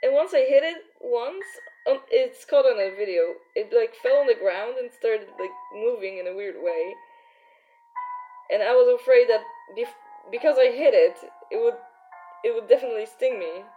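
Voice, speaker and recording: A woman's voice: fairly high pitch, normal speed, muffled recording, faint music behind. A young woman chatting casually and giggling often while streaming her art. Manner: giggly, chatty, many fillers. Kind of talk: casual live-stream chat.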